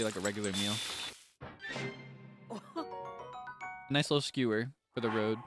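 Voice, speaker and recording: A man streaming a game, chatting softly and thinking aloud as he plays. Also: mid-range voice. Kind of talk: casual game commentary.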